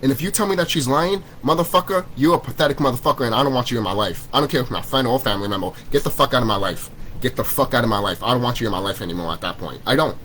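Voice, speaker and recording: A man's voice: mid-range voice, rapid-fire, fairly bright tone, a little hiss or hum, poor audio. A man in a vlog, ranting to his viewers, heated and repetitive, swearing often. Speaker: vlogger. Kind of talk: profane spiritual rant to camera.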